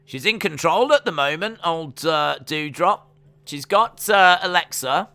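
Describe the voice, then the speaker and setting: Bright, clear-voiced man commentating. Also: a little high, expressive, measured pace, soft background music. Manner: chatty, rambling, trails off with fillers. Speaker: live stream host. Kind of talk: casual live reaction and play-by-play commentary.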